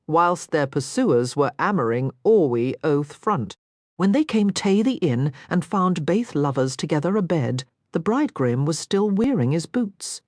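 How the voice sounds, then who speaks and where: A woman's voice: low voice, darkish tone, dry recording, studio quality. A woman voicing a jovial, bawdy male innkeeper with a thick Scottish accent and a broad, hearty way of talking.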